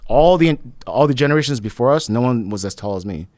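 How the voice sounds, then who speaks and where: A man co-hosting a casual podcast chat, emphatic and laughing between phrases. His pitch jumps around a lot as he talks, though it stays at a middle level overall. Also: lively intonation, fast, darkish tone, no room sound. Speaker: podcast co-host.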